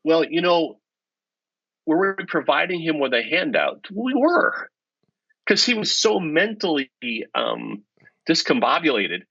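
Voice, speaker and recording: A middle-aged man, a professor and podcast guest, telling stories in an animated, self-deprecating way. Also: on the high side, unhurried, creaky, breathy edge, no room sound. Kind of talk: storytelling in conversation. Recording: dull lo-fi podcast audio.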